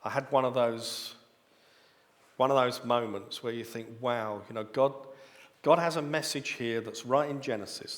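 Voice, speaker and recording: A man's voice: medium pitch, normal speed. A man preaching a sermon, teaching step by step and lifting his voice on key words. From United Kingdom. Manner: explanatory teaching, rising emphasis on key words. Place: church hall. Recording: long reverb of a church hall.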